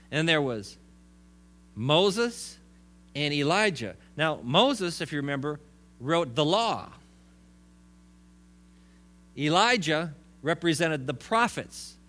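A man's voice: a little high, bright, forceful tone. A man preaching a sermon in a conversational way, with restarts and joking asides. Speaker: pastor.

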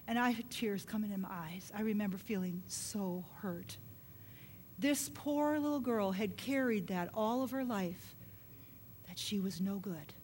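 Middle-aged woman preacher; earnest storytelling sermon, quiet hushed turns, long hall reverb with a low hum. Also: animated, a little slow. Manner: earnest, drops to a soft hush at emotional points.

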